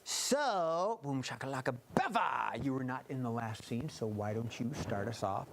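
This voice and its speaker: A man's voice: medium pitch, animated, moderate pace, creaky, noisy background. Man hosting an improv taping. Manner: explains games, asks audience for suggestions. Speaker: improv show host. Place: television studio with live audience.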